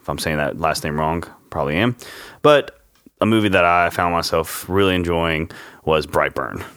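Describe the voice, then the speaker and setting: Deep-voiced, enthusiastic podcast co-host. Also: male voice, moderate pace, fairly bright tone, no echo. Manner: enthusiastic, agreeable, rambling. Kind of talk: casual chat about horror movies.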